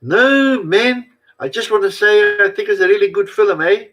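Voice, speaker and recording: A man's voice: sits high, expressive, normal speed, a bit bright, pitched above the performer's own voice. A man putting on a mock South African accent as a laid-back man, in an exaggerated parody.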